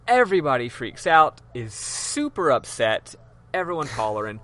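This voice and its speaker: Bright-voiced man recapping casually. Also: medium pitch, very animated, moderate pace, no room sound. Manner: loose, profane storytelling with many ums. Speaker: podcast host. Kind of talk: casual game recap chat.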